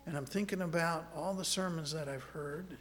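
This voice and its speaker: A man preaching a sermon, moving from scripture into a personal story, earnest and halting, often repeating words as he restarts. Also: on the high side, a bit bright, big-room sound, slight background noise.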